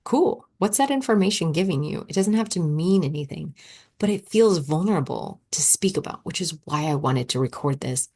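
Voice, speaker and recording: A woman's voice: low-pitched, expressive, normal speed, darkish tone, slightly rough. A woman hosting a solo podcast as a coach, chatting freely and acting out her own thoughts as little quoted asides.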